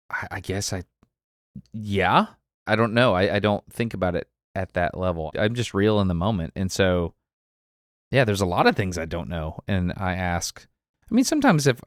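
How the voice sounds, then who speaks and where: Man with an Alabama accent, lowish voice, dry close mic; candid guest who laughs often. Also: dry recording. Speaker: podcast guest. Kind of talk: casual conversation.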